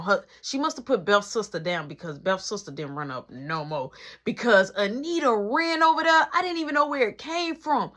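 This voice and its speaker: A woman telling a fight story in a casual vlog, animated and dramatic, acting out sound effects. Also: a little high.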